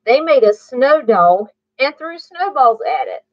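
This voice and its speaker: A woman reading a bedtime story aloud to children, pausing to ask the listener questions. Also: sits high, big pitch swings, creaky, dry recording. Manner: slow, asks the listener questions. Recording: muffled dry recording.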